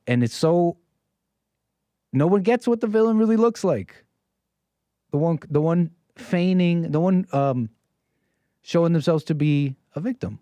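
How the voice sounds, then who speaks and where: A man's voice: a little high, measured pace, warm tone, no echo. An American man giving rambling, preachy solo commentary, often repeating his phrases. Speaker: streamer commentator.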